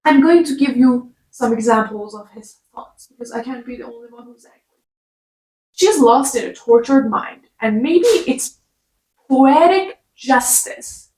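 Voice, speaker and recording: High-voiced woman ranting in an echoey room. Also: unhurried, darkish tone, far from the mic. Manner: exasperated, sarcastic, talks back at characters. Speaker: book reviewer. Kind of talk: casual rant review.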